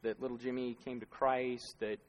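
A man's voice: medium pitch, level tone, normal speed. A male pastor giving a conversational sermon, asking rhetorical questions and laughing at himself now and then. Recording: long reverb of a large hall.

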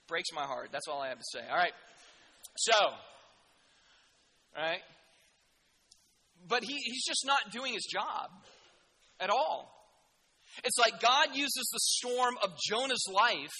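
A male preacher delivering a sermon in an animated, jokey, conversational way. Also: high voice, husky, long reverb tail.

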